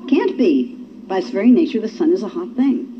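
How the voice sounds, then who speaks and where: A woman's voice: medium pitch, lively intonation, brisk, slight background noise. A woman giving a personal testimony at a recovery meeting. She tells her story in a folksy way and acts out the quotes. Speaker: speaker sharing at a recovery meeting. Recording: dull lo-fi recording.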